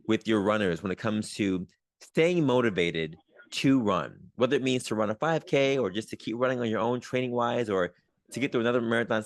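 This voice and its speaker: A man's voice: lowish voice, no echo, studio quality. A man hosting a podcast interview, affirming his guest and asking long, rambling questions. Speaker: podcast host and doctor. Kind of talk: casual interview.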